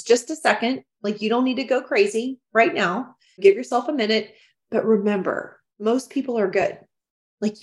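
A woman speaking as a guest on a business podcast, talking in an emphatic, expressive way with frequent restarts and laughs. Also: mid-range voice. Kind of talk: casual interview chat.

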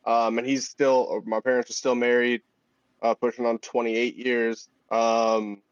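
Casting: mid-pitched man, reflective and frank, muffled dry mic. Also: level tone, unhurried, dry recording. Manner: candid, reflective. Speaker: podcast guest. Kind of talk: casual conversation. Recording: dull, dry lo-fi sound.

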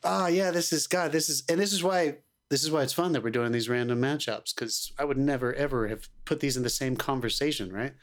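A man's voice: mid-range voice, brisk, few pauses. A man co-hosting a podcast, debating movies in an enthusiastic, rambling and profane way. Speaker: podcast co-host.

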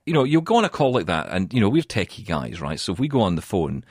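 Low-voiced uk guy telling a funny story on a podcast, super animated, keeps laughing, dry sound. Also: fast talker, slightly rough, dry recording. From United Kingdom. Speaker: podcast co-host. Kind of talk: casual chat.

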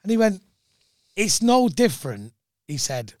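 A man chatting casually on a podcast as a comedian guest, telling lively anecdotes and acting out other people's voices. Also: high voice, unhurried, dry recording, clean studio sound. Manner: animated storyteller, acts out voices in anecdotes.

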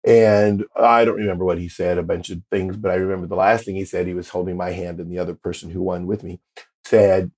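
A man in his fifties, a drag performer, telling stories in a casual interview and acting out the voices of the people he quotes. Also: lowish voice. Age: 50s. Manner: animated storyteller, acts out quoted voices.

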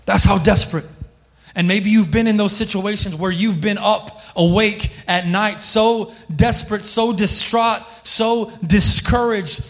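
A man's voice: high voice, steady tone, a little slow, fairly bright tone. A male pastor preaching a sermon with passion, calling on people in the congregation by name. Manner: impassioned, calls on listeners by name. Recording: long hall reverb.

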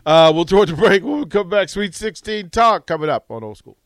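A man's voice: sits high, animated, fairly quick. A man co-hosting a radio talk show who gives his opinions in a firm, matter-of-fact way. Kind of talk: casual radio chat.

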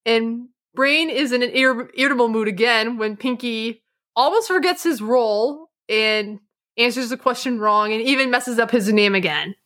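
A woman co-hosting a podcast, recapping an episode in an animated, laughing way. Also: on the high side. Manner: animated, laughing, does quick impressions. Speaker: podcast co-host.

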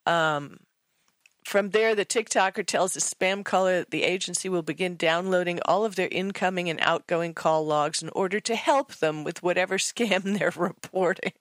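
A woman's voice: fairly low pitch, moderate pace, dry recording. A woman co-hosting a tech radio show and telling stories in chatty, enthusiastic casual talk. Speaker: co-host and author.

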